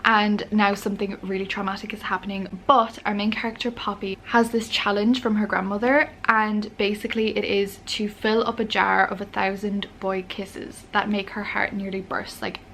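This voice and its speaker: A woman's voice: mid-range voice, little pitch movement, moderate pace, few pauses, a bit bright, a little hiss or hum. A young woman chatting casually as a book vlogger, candid and full of fillers.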